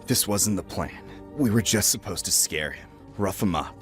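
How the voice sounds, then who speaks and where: Deep-voiced man narrating horror. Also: moderate pace, hardly any pauses, faint music behind. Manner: dramatic, expressive storytelling.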